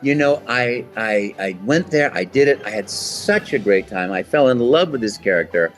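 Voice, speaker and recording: A man's voice: medium pitch, moderate pace, faint music behind. A man, a voice actor, telling stories in a casual interview and acting out the voices. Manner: animated, acts out voices in anecdotes. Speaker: voice actor guest.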